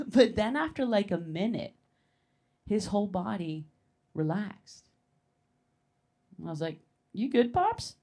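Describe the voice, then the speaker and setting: A woman telling a stand-up comedy story, with an animated, rambling delivery full of fillers and quick laughs. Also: mid-range voice.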